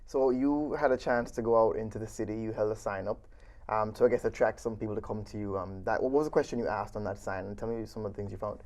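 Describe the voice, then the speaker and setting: A man's voice: fairly low pitch, steady tone, fast talker, darkish tone. A man hosting a radio interview, asking questions conversationally. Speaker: interviewer, student radio host.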